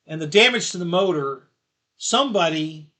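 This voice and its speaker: A man's voice: on the high side, lively intonation, moderate pace, bright, forceful tone. A middle-aged man hosting a live stream, rambling through a casual story and laughing at his own jokes. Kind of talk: casual chat.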